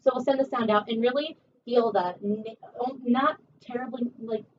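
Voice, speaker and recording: A woman voice teacher giving a one-on-one singing lesson, chatty and encouraging, her voice a little rough from a recent cold. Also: fairly high pitch, moderate pace, darkish tone. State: recovering from a cold. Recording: distant, dull camera audio with faint hiss.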